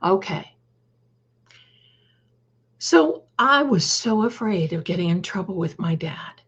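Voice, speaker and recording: Husky older woman telling stories on a livestream. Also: on the low side, takes it slowly, lo-fi sound. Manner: chatty, animated, greets viewers by name. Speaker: livestream host. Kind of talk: casual storytelling to live chat.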